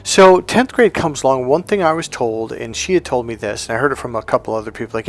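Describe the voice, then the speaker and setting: Speaking fairly quickly with hardly any pauses, a man who works as a hypnotherapist and relationship coach gives a motivational talk built on a personal story. His delivery is animated, and he voices the quoted dialogue with high lifts in pitch.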